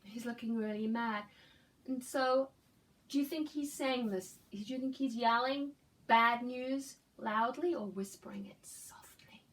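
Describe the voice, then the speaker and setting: A woman teacher reading a picture book to young children, asking gentle coaxing questions and dropping into whispers. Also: a little high, unhurried. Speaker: preschool teacher. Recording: distant mic with faint background noise.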